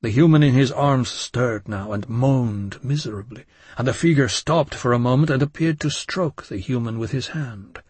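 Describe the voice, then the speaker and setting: Husky man narrating a dark tale. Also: medium pitch, no room sound. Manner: measured, intense first-person storytelling. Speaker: audiobook narrator. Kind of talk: dramatic audiobook narration.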